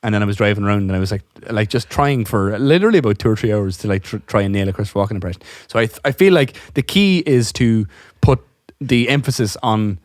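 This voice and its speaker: A man from Ireland co-hosting a podcast in casual chat, animated and laughing as he tells stories. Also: fairly low pitch, fast, hardly any pauses, no echo, clean studio sound. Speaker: podcast co-host.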